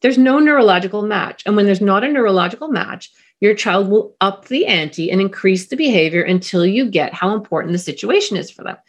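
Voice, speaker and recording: Middle-aged woman, parenting expert guest, lively delivery, slips into quick character voices. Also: medium pitch, muffled recording. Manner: animated, acts out parent and pilot voices. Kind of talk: podcast interview, explaining.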